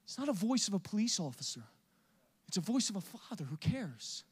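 A man preaching a sermon with passion, swinging from loud urging to hushed, intimate talk. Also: high-pitched, very animated, fairly quick, husky.

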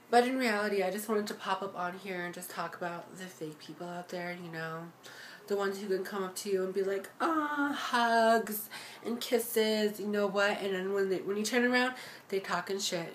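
A woman's voice: mid-range voice, slight background noise. A young adult woman ranting to the camera in a casual vlog, sassy and profane, talking straight to her viewers and mocking other people's voices. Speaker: vlogger.

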